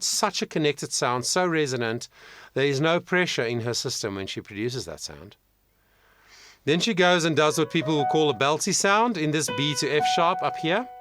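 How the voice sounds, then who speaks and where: A man working as a vocal coach, talking through a singer's performance in casual commentary, thoughtful, with frequent ums and restarts. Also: fairly high pitch.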